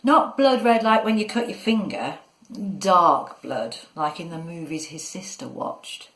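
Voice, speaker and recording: Slow, expressive woman storyteller. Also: on the low side. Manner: measured, expressive. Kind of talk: storybook narration. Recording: echoey room.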